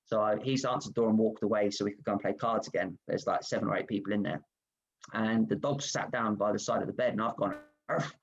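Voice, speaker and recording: A man's voice: on the low side, quick pace, husky, highs cut off. A man, a former footballer, telling candid stories about himself over a video call. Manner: self-reflective, frank, animated anecdotes. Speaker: guest footballer. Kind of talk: candid storytelling.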